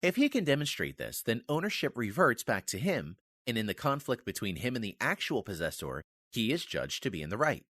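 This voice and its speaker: A man reads a nonfiction history text in a formal, measured way and leans hard on key words. His voice sits at an ordinary middle pitch but swings up and down a lot. The sound is close and dry, with no room around it. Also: huge pitch swings, a bit bright, slightly rough, no echo. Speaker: reader of a history book.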